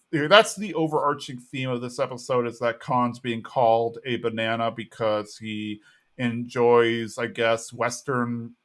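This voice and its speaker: A man co-hosting a podcast, recapping a TV episode in easygoing casual chat and thinking aloud as he goes. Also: medium pitch. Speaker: podcast co-host.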